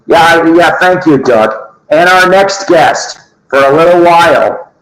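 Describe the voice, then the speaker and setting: A man's voice: on the high side, measured pace, a bit bright. A man hosting his own record-collecting vlog, chatting to viewers in a jokey, rambling way. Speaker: vinyl record vlogger. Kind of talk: casual chat to camera. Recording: echoey room.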